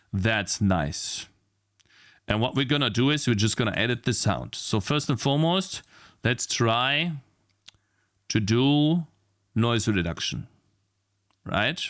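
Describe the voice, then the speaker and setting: An indie game developer streams from his desk mic while working on his game, chatting casually in a live-stream style. His voice is on the low side and fairly bright, his pace slow with long pauses, and he gets frustrated, swearing and muttering at his computer.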